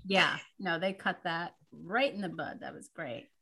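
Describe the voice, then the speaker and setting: A woman in casual conversation about a movie, chatty and reflective, getting softer as she muses. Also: on the low side, unhurried, breathy edge.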